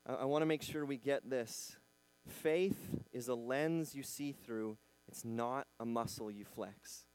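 A man preaching a sermon in a conversational style, acting out quotes and swinging between loud bursts and quiet emphasis. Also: mid-range voice, measured pace, clear, resonant tone. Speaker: pastor.

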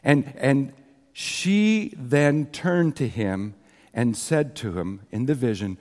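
A man delivers a sermon in a large hall, where his voice carries a long reverb. He speaks earnestly, retelling a story and quoting scripture in a middle-pitched voice. Now and then he breaks off to talk directly to the congregation. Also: lively intonation, slow pace, a little mellow. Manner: asides to the congregation. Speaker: preacher.

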